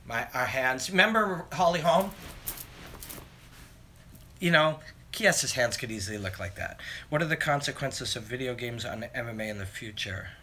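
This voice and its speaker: Bright-voiced man chatting live. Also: mid-range voice, lively intonation, normal speed, pauses often, slight background noise. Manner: rambling, answers viewer comments as he reads them. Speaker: MMA analyst hosting a live Q and A. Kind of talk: casual live-stream chat. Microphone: phone camera.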